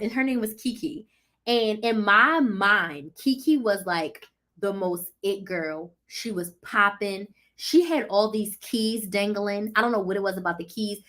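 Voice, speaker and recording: A woman talks to her live-stream viewers in a loose, chatty way, and her voice sits a little high. She is excitable and animated and drops slang freely as a business coach. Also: normal speed. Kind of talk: casual live-stream chat.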